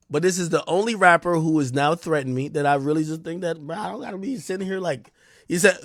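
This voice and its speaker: A man with a New Jersey accent hosting a livestream, delivering a heated, taunting rant that swings between loud jabs and low mutters. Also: dry recording, studio quality. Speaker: livestream host. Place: home streaming room.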